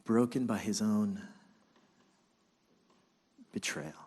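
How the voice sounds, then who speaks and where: A man preaching as pastor, telling a story with animated, dramatic delivery. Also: on the low side, slow pace, husky, in a large hall. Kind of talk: sermon.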